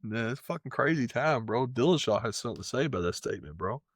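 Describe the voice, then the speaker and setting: A man's voice: mid-range voice, expressive, fast talker, no room sound, clean studio sound. A man co-hosting a podcast, ranting heatedly in casual chat and swearing constantly. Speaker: podcast co-host.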